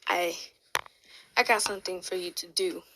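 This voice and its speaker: A woman retelling the lines of a scheming male villain boss in a hushed, low-key way, close to her own voice. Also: fairly even intonation, normal speed, poor audio.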